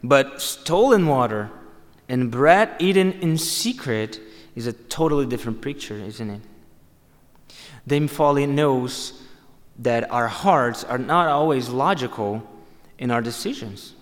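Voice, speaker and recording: A man's voice: medium pitch, expressive, unhurried. A man preaching a sermon, emphatic and repeating phrases for stress. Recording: long hall reverb.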